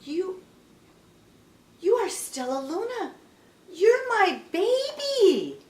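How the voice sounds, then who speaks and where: Casting: woman reading as a young bat girl, squeaky and high, roomy distant sound. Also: big pitch swings, a little slow. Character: young female bat, timid then eager.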